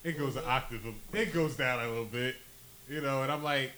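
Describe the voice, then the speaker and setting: A man from New Jersey in a casual chat among friends, talking in an emphatic, animated way and swearing freely. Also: mid-range voice, a little fast, low-quality recording. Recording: faint hiss.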